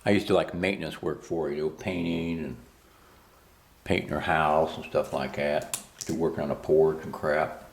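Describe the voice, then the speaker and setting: An older man with a very low, deep voice spins a rambling, folksy story, full of asides. His voice sounds roomy and echoing, as if he were in a bare room. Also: fairly even intonation, moderate pace, gravelly. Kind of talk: casual spoken story, voice-over. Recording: roomy echo.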